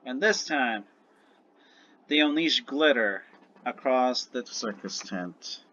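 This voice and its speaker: A man's voice: medium pitch, lively intonation, slow pace, bright, forceful tone, muffled recording. A man narrating a tabletop game as game master, rambling and correcting himself as he goes.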